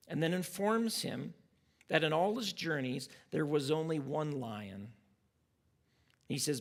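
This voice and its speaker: A man's voice: a little high, measured pace, creaky. A pastor teaching a church class, earnest and reflective as he retells a story and draws lessons from it.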